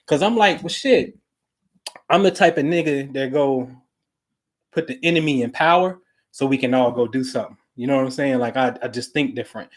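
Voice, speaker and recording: A man hosting a show, talking in casual, profane chat, telling stories animatedly and dropping to low mumbles. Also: fairly quick. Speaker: podcast host.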